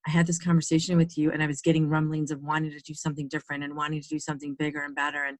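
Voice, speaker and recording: A woman's voice: low voice, monotone, very fast, no room sound. A woman hosting a podcast interview, talking earnestly and emotionally with many restarts. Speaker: podcast host. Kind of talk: casual interview.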